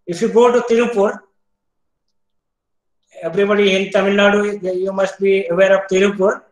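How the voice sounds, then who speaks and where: A man with an Indian English accent giving an online university lecture, explaining step by step, quizzing students, often pausing with "uh". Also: high voice, fairly even intonation, roomy sound, low-quality recording. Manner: explains step by step, asks students questions, frequent "uh" fillers.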